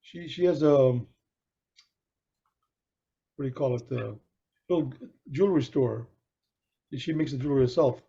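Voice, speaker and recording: Middle-aged guy telling a story on a podcast, mellow warm voice, dull lo-fi sound. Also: mid-range voice, moderate pace, pauses often, slightly rough. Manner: animated storyteller acting out quoted voices, with frequent restarts. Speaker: podcast co-host. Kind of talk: casual chat, storytelling.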